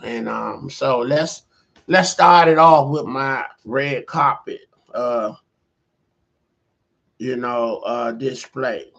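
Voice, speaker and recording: A middle-aged man spins a loose, rambling story straight to the camera. He takes his time and leans on fillers as he drifts from one thought to the next. His voice sits at an ordinary pitch. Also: a bit bright. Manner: rambling, with many fillers like "you know". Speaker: vlogger.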